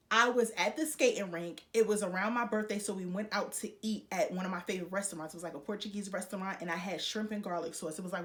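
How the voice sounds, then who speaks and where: A young woman vlogger telling a personal story to her viewers, chatty and animated, acting out the voices of the people in it. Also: mid-range voice. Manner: chatty, speaks straight to viewers with frequent fillers. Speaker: YouTuber. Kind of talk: casual storytelling vlog.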